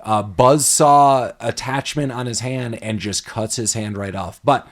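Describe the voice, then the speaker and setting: A man co-hosting a podcast, casually recapping a film with lots of laughter and animated retelling. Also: mid-range voice, a little slow. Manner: laughs often, animated retelling with acted quotes. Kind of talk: casual chat.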